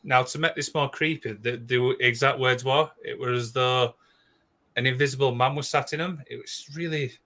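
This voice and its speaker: A man with a mid-range voice co-hosts a casual podcast, recounting a strange disappearance. He's excitable and rushes through the story, restarting often and saying "obviously" a lot.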